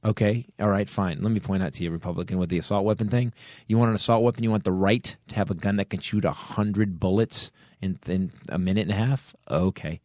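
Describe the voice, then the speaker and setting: A man's voice: brisk, no echo, clean studio sound. A man hosting a comedy podcast, ranting angrily and swearing at the state of the country. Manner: angry, swearing rants with lively swings of pitch. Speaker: podcast host. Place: podcast studio.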